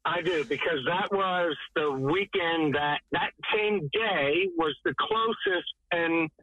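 A man telling an animated, laughing golf story as a guest. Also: a little high, slow pace, no echo, muffled recording. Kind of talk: casual storytelling.

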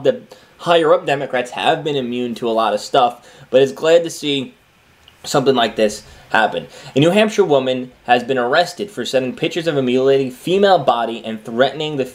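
A man reading news articles aloud and breaking off into opinionated, scornful commentary, with many fillers and restarts. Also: on the high side. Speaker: political commentator.

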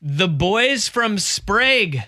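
Excited cohost guy, rambly with lots of ums, pitch a bit high, super bright, dry mic. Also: extremely slow, no room sound. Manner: enthusiastic, rambling with fillers. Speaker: co-host. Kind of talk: casual banter.

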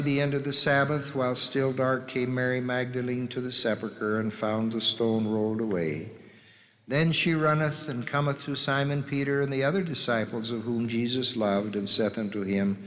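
A man slowly and solemnly reading scripture passages aloud, naming the gospel after each one, his voice heard from a distance in a reverberant hall. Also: medium pitch, fairly bright tone. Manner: slow, measured, solemn reading with drawn-out quotes.

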